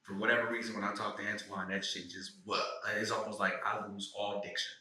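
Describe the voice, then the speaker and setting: A man with a St. Louis accent, a podcast guest who is an actor and writer, telling stories in animated, profane slang. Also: lowish voice, a little fast. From St. Louis, USA. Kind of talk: casual conversation. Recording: echoey room, distant mic.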